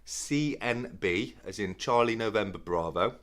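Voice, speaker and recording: A man's voice: on the low side, lively intonation, measured pace. A British man co-hosting a charity livestream in casual chat.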